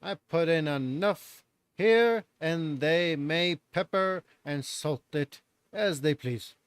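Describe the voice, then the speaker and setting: A man's voice: a little high, takes it slowly, clean tone, no room sound. A man putting on a put-on British accent to play a pompous old-time British male writer, reading in a stiff, mock-formal way.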